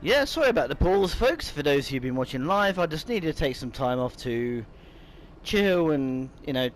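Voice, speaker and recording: A man's voice: on the high side, big pitch swings, moderate pace, soft background music. Chatty hiccupy man narrating a game. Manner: chatty, rambling, with hiccups and restarts. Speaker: gaming YouTuber. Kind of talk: casual let's-play commentary.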